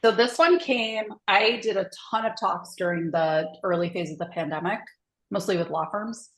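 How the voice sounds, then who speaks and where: A woman's voice: mid-range voice, moderate pace. Thoughtful woman coach in an echoey room. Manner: earnest, thoughtful, often says "like". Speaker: guest, executive coach and author. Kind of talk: reflective podcast interview talk.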